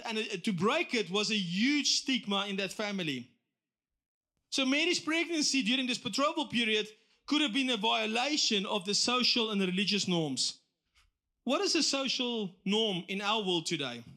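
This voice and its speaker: A middle-aged man preaching a sermon, telling the story with lively asides and acted-out voices. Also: extremely high pitch. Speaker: pastor.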